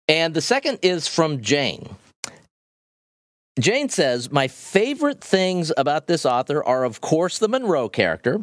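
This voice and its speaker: Male co-host, animated delivery, cheerful, dry studio sound. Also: on the high side, no echo. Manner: upbeat, reads listener reviews aloud. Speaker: podcast co-host. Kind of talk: casual podcast chat.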